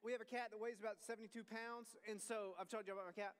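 A man in his thirties with a very high voice tells a rambling, animated comic story, talking straight to a crowd. His voice carries with long reverb through a large hall. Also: fast talker, clear, resonant tone. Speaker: speaker addressing a live audience.

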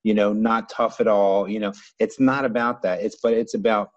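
A man's voice: on the low side, steady tone, normal speed, no echo, lo-fi sound. An American man talking through his views in a loose, reflective way, with many restarts and fillers. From United States. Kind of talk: casual conversation.

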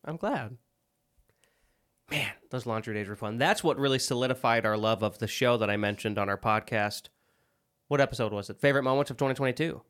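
A man's voice: medium pitch, brisk, fairly bright tone. Easygoing man co-hosting a podcast. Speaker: podcast co-host. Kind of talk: casual couple's podcast chat.

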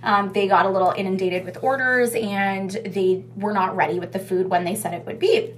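A woman's voice: mid-range voice, steady tone, moderate pace, a little hiss or hum. A young woman telling a casual story about her restaurant takeout job. She swears freely and says "like" a lot. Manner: chatty, swears freely, heavy use of "like".

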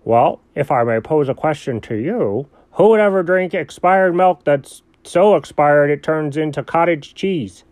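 A man's voice: fairly high pitch, a little slow, few pauses, dry recording. A man as a goofy rich dog. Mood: cheerful. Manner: lively, rambling, bemused. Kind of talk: improvised audio story.

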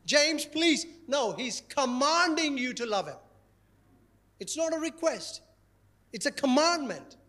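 A man preaching to a congregation in an animated, playful manner. His voice sits very high for a man. He hammers home his points by repeating them. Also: unhurried, pauses often. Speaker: pastor. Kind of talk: sermon.

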